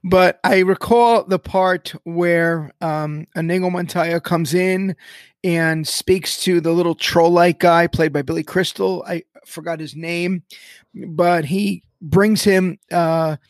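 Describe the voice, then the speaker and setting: A man's voice: on the high side, no room sound, clean studio sound. A man hosting a Christian podcast, talking with an emphatic, preacherly cadence. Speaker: podcast host. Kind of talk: podcast chat on Christian topics.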